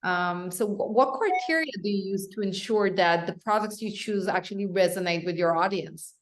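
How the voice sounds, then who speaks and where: A woman hosting a webinar, asking a guest interview questions in a measured way with frequent ums. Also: mid-range voice.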